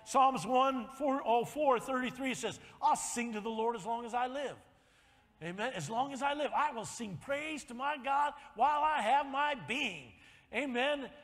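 A man in his sixties preaching a sermon, telling a story with animated swings and rising to shouts of praise. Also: very high-pitched, a little slow. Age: 60s. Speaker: pastor. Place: church sanctuary. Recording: long hall reverb.

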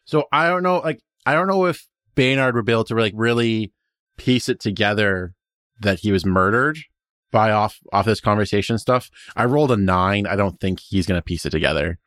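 A man playing in a tabletop role-playing game, talking in a rambling, halting way. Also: on the low side, a bit bright, no echo, clean studio sound. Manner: rambling, halting, many restarts. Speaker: player. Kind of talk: casual tabletop role-play.

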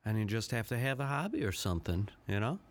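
A man's voice: fairly low pitch, big pitch swings, quick pace. A man hosting his own podcast, rambling through a casual, profane solo rant with a self-deprecating edge. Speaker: podcast host.

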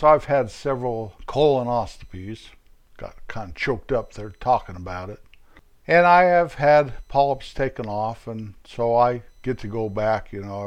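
A man's voice: mid-range voice, a little mellow, lo-fi sound. An older man rambles through a humorous story in a folksy, digressive way. He jokes as he goes and often wanders off topic before finding his place again. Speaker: vlogger.

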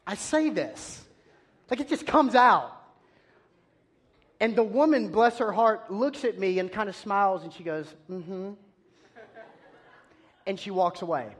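High-voiced man telling a sermon story. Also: unhurried, slightly rough. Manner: animated self-deprecating storytelling. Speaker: preacher.

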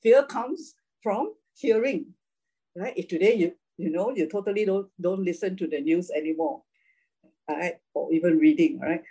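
A woman's voice: on the low side, moderate pace, warm tone, breathy edge, rough recording. A woman teaching a casual Bible class, chatty, laughing often and checking in with "right?".

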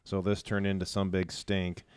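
A man's voice: deep voice, completely flat delivery, normal speed, clear, resonant tone, no room sound. A man hosting a podcast, reading a news story aloud and mocking it in casual talk. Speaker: podcast host.

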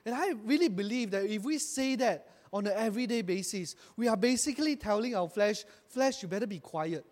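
A man preaching a sermon with a high voice, his words rising in emphatic bursts. He calls on the congregation to repeat lines after him. The sound rings with a long reverb, as in a church hall. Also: animated, brisk, a little mellow. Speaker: pastor.

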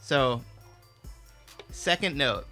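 Bright-voiced animated male podcast co-host. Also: medium pitch, very slow, faint music behind. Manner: animated, laughs often, swears casually. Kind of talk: casual movie review chat.

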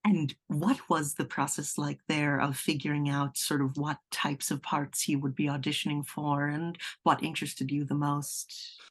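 A woman's voice: low-pitched, little pitch movement, measured pace. A woman hosting an interview, asking brief, attentive questions. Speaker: interviewer, podcast host.

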